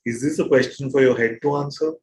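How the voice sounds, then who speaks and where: A man leading a satsang as spiritual teacher, probing his listeners with repeated questions in a gentle, playful way. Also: medium pitch, steady tone, quick pace, slight background noise, poor audio. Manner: gentle and playful, with soft laughs. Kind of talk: satsang teaching to a live group.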